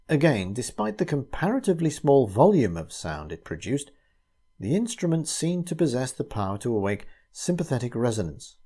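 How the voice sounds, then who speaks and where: A man narrating a classic ghost story aloud in a measured, steady way. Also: mid-range voice.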